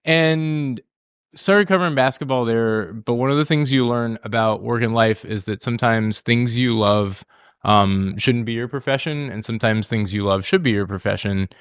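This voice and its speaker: Male educator, low gravelly voice with a smooth core, casual and rambling. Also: moderate pace, no room sound, clean studio sound. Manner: casual, rambling, many fillers. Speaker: journalism educator. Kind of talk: panel talk to students.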